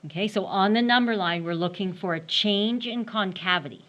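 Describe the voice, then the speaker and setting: A woman's voice: mid-range voice, normal speed, hardly any pauses, a bit bright. A woman math teacher giving a classroom lecture, explaining step by step while she draws and often checking in with "right?".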